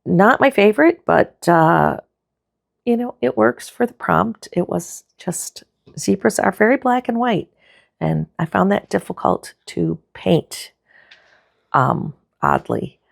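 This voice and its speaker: A woman giving a relaxed, chatty tour of her art sketchbook, with frequent fillers and self-corrections. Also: fairly low pitch, takes it slowly, creaky, no room sound, clean studio sound. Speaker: art vlogger.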